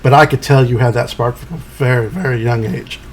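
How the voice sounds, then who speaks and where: A man's voice: mid-range voice, a little fast, slight background noise, natural voice. A man voicing a sinister older mother who speaks in a drawling, coaxing way. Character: sweet-talking sinister older mother, a witch.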